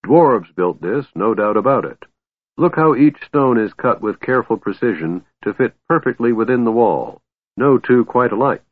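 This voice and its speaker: A man voicing a gruff, snappish old male dwarf in an audiobook, proud and grumbling. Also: mid-range voice, animated, normal speed, no echo, phone-quality sound, voice pushed up, lightly acted. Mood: lecturing.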